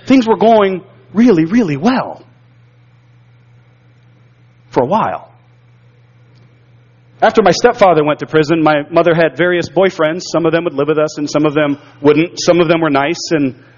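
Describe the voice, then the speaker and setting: High-voiced pastor telling his testimony. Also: moderate pace, pauses often, big-room sound. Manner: earnest storytelling, repeats words when stirred. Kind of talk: sermon with personal testimony. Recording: dull lo-fi sound.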